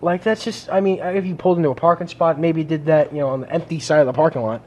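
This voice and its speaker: Speaking fast in a voice on the high side, a podcast co-host recounts a story in profane, casual chat. He animates it by doing the voices of the people he quotes.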